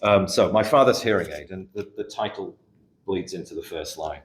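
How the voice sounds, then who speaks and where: A middle-aged man from England, a poet reading his poems in a café with an unhurried, measured delivery and hesitant spoken asides between them. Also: low voice. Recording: echoey room recording.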